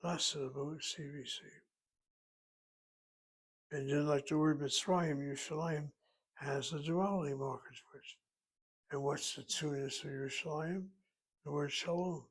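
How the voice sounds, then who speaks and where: A man giving a recorded Hebrew grammar lesson, walking through words slowly and methodically, thinking aloud as he goes. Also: on the high side, steady tone, husky, poor audio. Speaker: Hebrew teacher.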